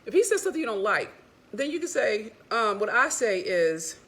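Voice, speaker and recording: A woman relationship coach giving a casual, animated, sassy motivational talk to women, frank and sometimes cursing. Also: fairly high pitch, normal speed.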